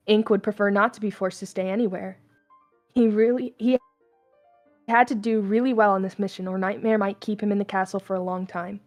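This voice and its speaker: A woman's voice: mid-range voice, level tone, moderate pace, long pauses, faint music behind. Casual young woman reading fan fiction aloud. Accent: mixed, slipping toward Southern US. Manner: casual, stumbling, laughing asides.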